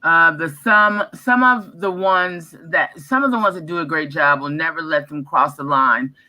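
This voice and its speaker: A woman appears as a guest on a casual talk show. Her voice is very bright and sharp. She fires off blunt, incredulous questions and speaks plainly. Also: low-pitched, moderate pace, rough recording.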